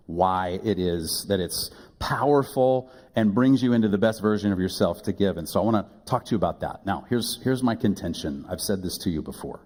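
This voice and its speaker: A man's voice: on the low side, a little mellow. A male pastor giving a conversational sermon, mixing humor with quoted voices to a church congregation. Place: church sanctuary with live audience. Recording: long hall reverb.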